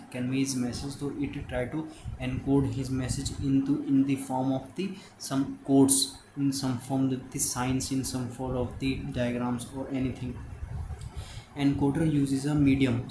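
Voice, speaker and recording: A man with an Indian English accent, explaining exam notes as a tutor and talking in halting starts with many fillers. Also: mid-range voice. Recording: echoey room with noise.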